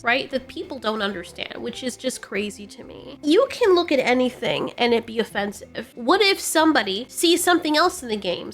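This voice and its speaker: Woman game commentator, sharp bright voice, a bit high, blunt and sarcastic. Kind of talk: opinionated commentary.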